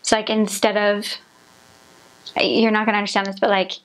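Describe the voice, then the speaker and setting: A woman's voice: mid-range voice, flat delivery, moderate pace, poor audio. A young adult woman, a former missionary, explaining in a chatty, rambling way with many filler words. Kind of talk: casual conversational explanation.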